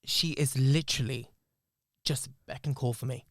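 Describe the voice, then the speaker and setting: A man's voice: mid-range voice, steady tone, moderate pace, fairly bright tone, no echo, clean studio sound. A man, hosting a podcast and telling a personal story in an emotional, reflective, candid way, swearing freely. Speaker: podcast host.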